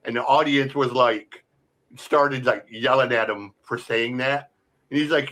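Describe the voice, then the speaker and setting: A man in casual podcast chat, telling stories in a rambling, excited way, full of "like" and "bro" and swearing. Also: mid-range voice, unhurried.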